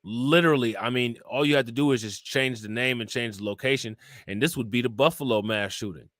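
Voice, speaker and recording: A man in the middle pitch range hosts a casual live-stream show on a close, dry mic. He reads reports and viewer comments aloud, then turns to the audience with loose, conversational questions and asides. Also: brisk, a bit bright, dry recording. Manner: loose and conversational, keeps asking "you know what I'm saying?".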